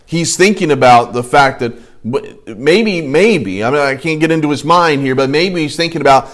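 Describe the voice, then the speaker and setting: A man leads an adult Bible class in a loose, conversational way. He thinks aloud, restarts his sentences and drops in asides, and he slows down when he reads scripture aloud. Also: on the high side, expressive. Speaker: Bible study teacher.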